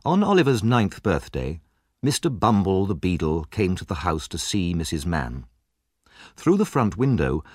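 A man narrating a classic story in a measured, expressive reading voice. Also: deep voice, no echo, studio quality.

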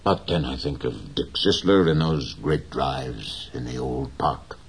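A man voicing a gentle, proud old fisherman. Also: extremely low pitch, expressive, gravelly, slightly rough, heavily acted. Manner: slow, gentle, dignified. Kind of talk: audiobook character reading.

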